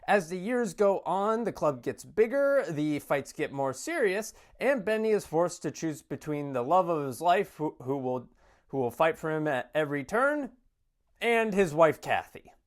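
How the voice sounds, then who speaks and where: A man's voice: a little high, very animated, moderate pace. A man giving a casual spoken film review, rambling with many fillers and restarts. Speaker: movie reviewer.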